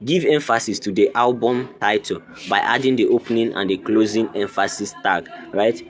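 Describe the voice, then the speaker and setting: A man's voice: lowish voice, normal speed, a little hiss or hum. A man hosting a coding tutorial, walking through each step in a teacherly way, repeating points and checking "can you see". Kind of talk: screen-recorded tutorial walkthrough.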